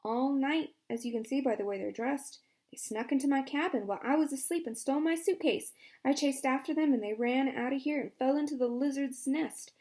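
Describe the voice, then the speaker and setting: A woman's voice: high-pitched, brisk, darkish tone, pitched above the performer's own voice. A woman voicing a cold, stern female camp warden in a storybook reading, curt and defensive.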